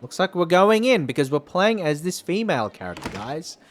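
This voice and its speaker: A man's voice: on the high side, very animated, a little fast, slight background noise. A man streaming a story game, chatting casually, laughing often and joking about his own voices. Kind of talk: casual live-stream chat.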